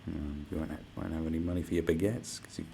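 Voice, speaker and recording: A man's voice: deep voice, steady tone, very fast, gravelly, mellow, a little hiss or hum. A man hosting a live stream, ranting casually with lots of swearing and sarcastic asides. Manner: profane, sarcastic, mocks others in put-on voices.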